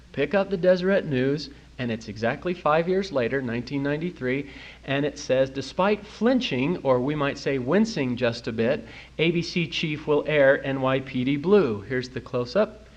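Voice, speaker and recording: Guy doing a church talk, lively storyteller, bit muffled old tape sound. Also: a little high. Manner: animated storyteller, quotes people in funny voices. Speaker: speaker at a church youth talk. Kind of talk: recorded religious talk to an audience.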